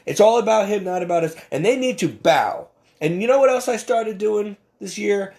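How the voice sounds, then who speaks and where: A man with a notably high voice and a rough, gravelly edge, delivering an impassioned religious monologue. He talks emphatically and preachily, often stumbling and repeating words as he pushes his point. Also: lively intonation, normal speed, darkish tone. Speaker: Catholic commentator.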